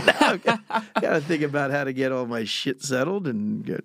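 A man's voice: a little high, expressive, quick pace, a bit bright, no echo, clean studio sound. An older man from Pennsylvania telling rambling, chuckling stories in casual conversation as an interview guest. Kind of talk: casual storytelling.

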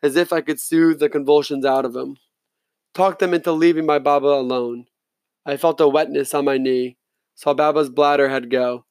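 A man reading an audiobook in steady, first-person narration. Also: fairly high pitch, normal speed, no echo.

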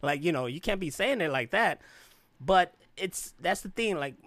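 A man's voice: high voice, lively intonation, normal speed, a bit bright, no echo. A man from Chicago in casual podcast chat, rambling through a personal story and acting out the voices of people he quotes. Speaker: podcast co-host.

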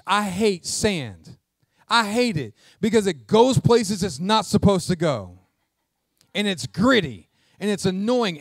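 High-voiced preacher, dry sound. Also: male voice, no room sound. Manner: emphatic preaching, asks the congregation questions. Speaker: pastor. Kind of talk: sermon.

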